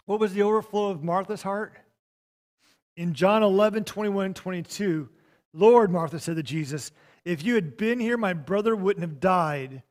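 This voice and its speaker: A man preaching a sermon, emphatic and repetitive, dropping to a softer tone for quoted scripture. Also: high-pitched, normal speed. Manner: emphatic, repeats phrases, drops to soft tones for quotes. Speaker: pastor.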